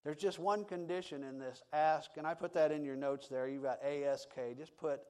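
A man preaching a sermon, swinging from loud emphatic passages to hushed, quiet tones. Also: a little high, fairly even intonation, clean tone. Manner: slow, deliberate delivery. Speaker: pastor.

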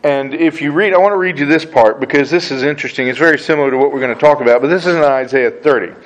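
A man's voice: on the high side, racing, poor audio. A man teaching a Bible study in a casual, conversational way, asking rhetorical questions and acting out quoted voices.

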